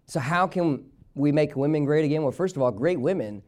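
High-voiced preacher man. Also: fairly quick, a little mellow. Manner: emphatic preaching, repeating phrases and asking the church to read along. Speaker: pastor. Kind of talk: sermon. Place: church sanctuary.

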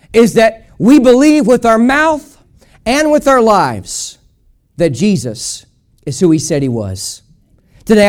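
High-pitched male pastor, emphatic, repetitive sermon delivery with congregation call-outs. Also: darkish tone. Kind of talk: preached sermon. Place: church service.

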